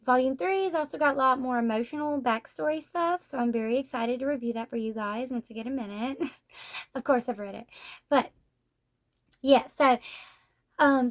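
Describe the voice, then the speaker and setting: Chatty, high-voiced woman reviewing comics. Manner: chatty and rambling, with many fillers. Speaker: book reviewer, channel host. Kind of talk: casual comic book review.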